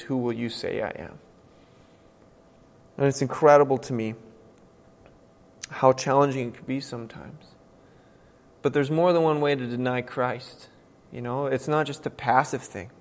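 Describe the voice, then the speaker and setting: A male pastor preaching a sermon with earnest emphasis, moving between hushed and loud, emphatic passages. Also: medium pitch, steady tone, normal speed, long pauses. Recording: long reverb from a large hall.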